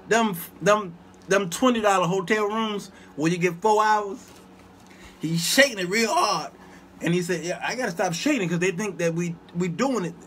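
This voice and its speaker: Man, comic storyteller, high bright voice, swooping animated delivery, laughs a lot, chats with viewers. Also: slight background noise. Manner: animated, laughs often, talks back to viewers. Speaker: show host. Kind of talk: comedic storytelling to a live chat.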